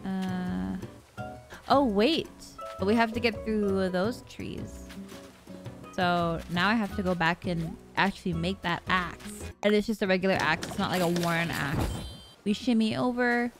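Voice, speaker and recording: A young woman chatting through a video game as she plays, excitable and gushing. Her talk is loose and casual, with soft game music in the background. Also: mid-range voice, a little slow. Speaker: gaming vlogger. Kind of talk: gameplay commentary. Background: faint game music.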